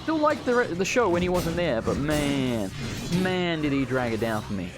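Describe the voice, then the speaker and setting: Over loud background music, a man who hosts a gaming channel keeps up a chatty, rambling let's play commentary, cursing freely while he plays. He speaks at a moderate pace in a fairly high, sing-song voice.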